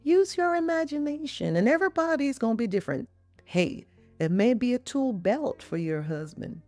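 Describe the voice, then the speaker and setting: A woman's voice: mid-range voice, very animated, normal speed, a little mellow, faint music behind. A middle-aged woman hosting a podcast, chatting in a playful way with teasing asides to the listener. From Jamaica. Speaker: podcast host and physician.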